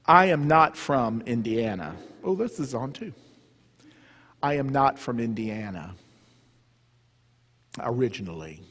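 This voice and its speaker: A man's voice: medium pitch, expressive, measured pace, pauses often, fairly bright tone. A man from the Southern US with a Southern accent, giving a humorous retreat talk and quizzing the audience. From Southern US, Memphis area. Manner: joking, conversational, engaging the audience with questions. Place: church. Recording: reverberant church hall.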